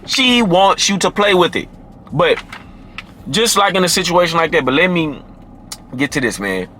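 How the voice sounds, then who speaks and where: A man giving casual dating advice to camera, emphatic and slangy, who drops into a deep low voice to demonstrate. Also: bright, forceful tone, a little hiss or hum. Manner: emphatic and slangy, often adds "man" and "you feel me".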